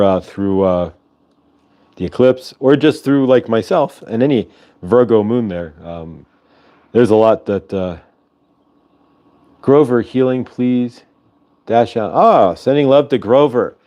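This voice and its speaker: The host keeps his casual livestream going with meandering, talkative commentary over video call, his voice swinging lively in pitch.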